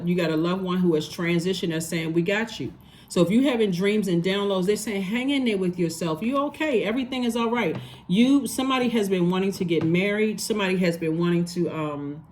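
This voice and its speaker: A woman's voice: on the low side, darkish tone, a little hiss or hum. A woman giving a casual tarot reading, talking emphatically and repeating phrases for stress. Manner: conversational, loose and rambling. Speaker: tarot reader.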